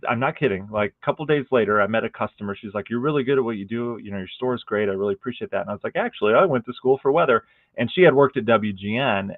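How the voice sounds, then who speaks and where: A man's voice: lowish voice, no room sound. A middle-aged man, a meteorologist, chatting casually and earnestly with viewers on a livestream, rambling with many fillers and restarts. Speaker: meteorologist hosting a weather livestream. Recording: tinny phone-like audio.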